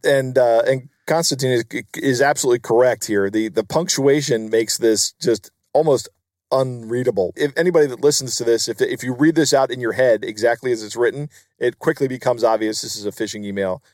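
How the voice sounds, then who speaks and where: A man's voice: mid-range voice, brisk, a little mellow, no room sound. Male podcast co-host, explaining things plainly, dry close sound. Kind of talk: casual chat.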